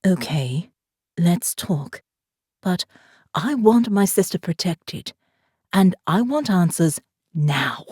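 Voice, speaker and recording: A woman's voice: lowish voice, animated, slow pace, long pauses, a little mellow, slightly rough, no echo, clean studio sound, exaggerated voice. Woman voicing a terse, guarded heroine. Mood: firm. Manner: terse, demanding. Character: tough guarded ex-military woman psychologist.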